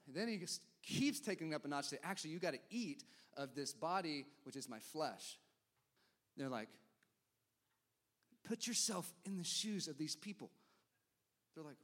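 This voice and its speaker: A man preaching a sermon as pastor, talking straight to the congregation and acting out the crowd's reactions. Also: medium pitch. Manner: animated preaching, quick asides to the congregation, acts out crowd reactions.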